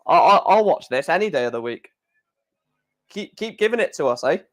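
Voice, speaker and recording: A man hosting a casual live stream, talking in an excitable, rambling way with many restarts. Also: on the high side, a little fast.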